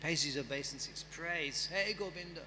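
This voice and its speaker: A man's voice: fairly high pitch, moderate pace, sharp tone, in a large hall, slight background noise. A man giving a scripture class, reading and chanting verses and then explaining them in a conversational way. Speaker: guest speaker at a temple festival. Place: temple hall.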